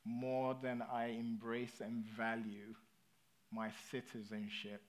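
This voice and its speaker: A man's voice: mid-range voice, little pitch movement, takes it slowly. British man preaching a casual sermon. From Britain. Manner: conversational, checks in with the audience. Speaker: pastor.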